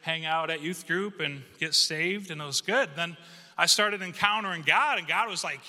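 A male pastor giving a conversational, humorous storytelling sermon in a church, animated and acting out quotes. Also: fairly high pitch, normal speed. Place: church sanctuary. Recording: reverberant church hall.

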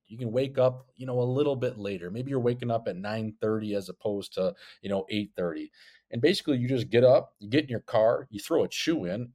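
A man's voice: mid-range voice, darkish tone, slightly rough. A man telling a rambling story on a casual podcast, profane and joking. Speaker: podcast co-host, former hockey player. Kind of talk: casual chat. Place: Scottsdale.

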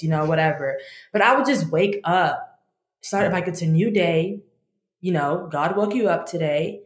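A woman's voice: on the low side, unhurried, reverberant. A woman in her twenties, a law student guest, telling her story candidly and animatedly in a casual interview. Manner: candid, animated storytelling, talks to herself in quotes.

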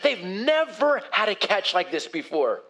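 A man's voice: high-pitched, sing-song, a little slow, fairly bright tone. A male pastor preaching a sermon in a conversational way, putting questions to his congregation.

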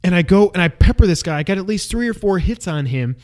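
A young man co-hosting a casual gaming podcast, an animated storyteller who acts out his own yelling. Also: sits high, fast. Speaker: podcast co-host.

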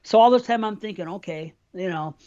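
A man's voice: high-pitched, a little fast, warm tone. A middle-aged man from New York State co-hosting a podcast, telling long, profanity-filled stories in casual chat. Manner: rambling, profane storytelling. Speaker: podcast co-host. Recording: dull lo-fi podcast audio.

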